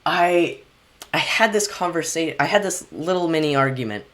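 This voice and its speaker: A man hosting a casual chat, rambling excitedly with lots of restarts and fillers. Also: a little high, moderate pace. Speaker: podcast host reacting to a video.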